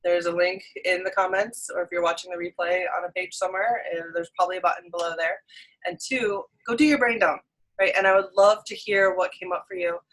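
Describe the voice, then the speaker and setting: A woman's voice: lowish voice, steady tone, brisk, a bit bright, low-quality recording. A woman co-hosting a group coaching video call, upbeat and encouraging as she gives listeners their next steps.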